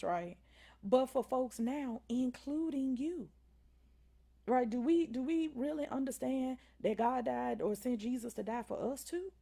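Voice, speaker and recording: A woman's voice: on the high side, vocal fry, dark tone. A woman with a Southern drawl, hosting a faith-based motivational livestream and often asking the viewers "right?" and "y'all". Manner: preachy, repeats "right?" and "y'all". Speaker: livestream host.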